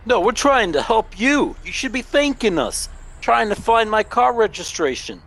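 A man's voice: high-pitched, very animated, moderate pace, vocal fry, fairly bright tone, a little hiss or hum, pitched above the performer's own voice, heavily acted. A man voicing a brash young male gangbanger who swears and talks in indignant street slang during a tabletop game.

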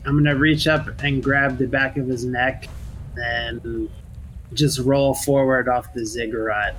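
A man's voice: medium pitch, fairly even intonation, a little slow, fairly bright tone, slight background noise, poor audio. A man playing a tabletop game, plainly describing what his character does. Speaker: player.

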